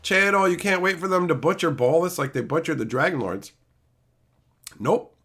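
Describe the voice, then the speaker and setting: Animated, swearing man streaming. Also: a little high, moderate pace, breathy edge. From Canada. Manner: animated, profane ranting, answering chat by name. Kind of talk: live-stream chat with viewers.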